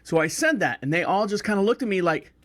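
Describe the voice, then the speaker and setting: Man, podcast host, casual rambling storyteller, a bit higher-pitched than most. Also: animated, fast talker, fairly bright tone. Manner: rambling, self-correcting, wry storyteller.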